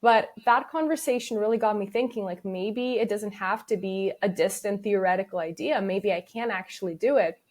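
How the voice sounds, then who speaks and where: Woman, young adult, podcast guest, mid-range pitch, chatty storyteller, quotes dialogue. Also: normal speed, hardly any pauses. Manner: lively storyteller who acts out quoted dialogue. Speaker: guest, agency founder. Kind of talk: casual storytelling interview.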